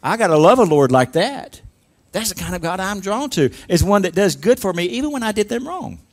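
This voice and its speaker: A man's voice: sits high, big pitch swings, a little fast. A man preaching a sermon, leading the congregation in call-and-response with emphatic, rising delivery. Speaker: pastor.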